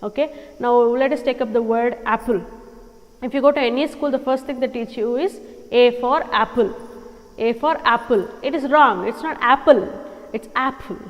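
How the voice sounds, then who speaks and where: A woman's voice: a little high, normal speed, big-room sound, muffled recording. A woman with an Indian English accent teaching an English lesson, stressing and repeating words to drill pronunciation.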